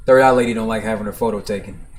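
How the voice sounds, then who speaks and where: A man's voice: on the low side, a little hiss or hum. A man hosting a music reaction livestream, chatting casually and reading viewer comments aloud in a laid-back, profane way.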